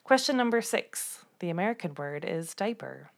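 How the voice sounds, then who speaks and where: A woman co-hosting a podcast who asks the quiz questions, brisk and matter-of-fact. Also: on the low side, lively intonation, creaky. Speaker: podcast co-host, quizmaster. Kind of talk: casual quiz chat.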